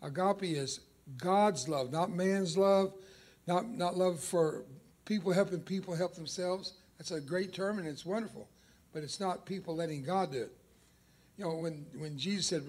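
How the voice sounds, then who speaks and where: An older man whose first language is Spanish, preaching an emphatic sermon with dramatic pauses and stretched key words. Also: on the high side.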